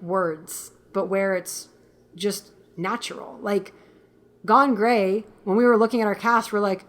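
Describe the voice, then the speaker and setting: A woman guest filmmaker talking in a casual interview, animated and quick to laugh, acting out what people said. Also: mid-range voice. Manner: animated storyteller, laughs often, acts out quotes.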